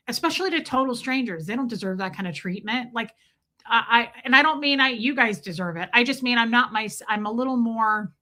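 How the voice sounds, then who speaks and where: Bright-voiced woman streaming, chatty and blunt. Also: a little high. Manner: chatty, blunt, swears freely. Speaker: live-stream host. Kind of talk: casual storytelling to a live chat. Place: at home.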